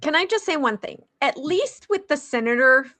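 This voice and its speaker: A woman co-hosting a casual movie review chat, chiming in with quick jokes and often laughing. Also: sits high, animated, sharp tone. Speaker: co-host.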